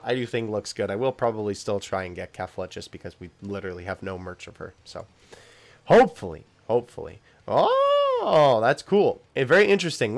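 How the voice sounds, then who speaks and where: A young man casually talking through news items at his desk mic, his voice swinging up and down as he reacts. He breaks into short laughs and sudden excited yelps, then drops back into easygoing chat. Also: medium pitch. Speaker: YouTube host covering figure news. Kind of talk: casual commentary while reading news.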